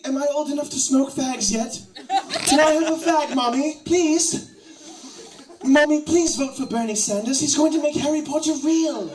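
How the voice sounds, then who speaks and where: A man's voice: far from the mic, noisy background. A man doing a whiny little boy. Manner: high whining, giggly. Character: childish begging young British boy.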